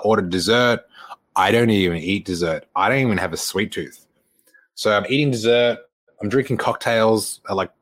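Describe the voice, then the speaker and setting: Chatty and relaxed, a young man who works as a fitness coach shares something that happened to him. He speaks a bit low, acts out the dialogue of the people involved, and keeps breaking into laughter.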